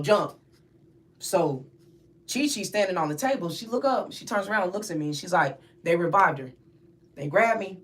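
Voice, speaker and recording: Woman telling a vivid story, low voice. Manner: vivid retelling, acts out others' voices, repeats words when upset. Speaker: interview guest. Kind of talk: emotional personal storytelling.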